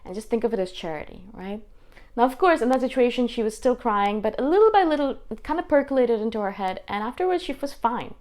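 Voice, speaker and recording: A woman vlogger talking casually to her viewers, animated and acting out the voices she quotes. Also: fairly high pitch, fast talker. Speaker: spiritual vlogger. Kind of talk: casual talk to camera.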